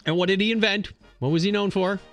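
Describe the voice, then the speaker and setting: A man co-hosting a podcast, reading this-day-in-history items in a joking, animated way. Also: high-pitched, faint music behind. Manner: animated, joking, quick to laugh. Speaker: podcast co-host.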